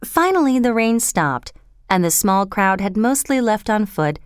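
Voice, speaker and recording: Woman storybook narrator, crisp and dry, lively pitch. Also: no echo. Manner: measured, expressive reading.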